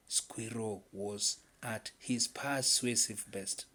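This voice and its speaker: A man narrating a folktale in an animated, dramatic storytelling manner. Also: lowish voice, slow pace, few pauses.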